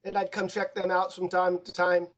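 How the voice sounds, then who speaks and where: High-voiced laughing singer man. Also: monotone, moderate pace, highs cut off, a crowd in the background. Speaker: singer, panel guest. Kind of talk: casual video-call chat.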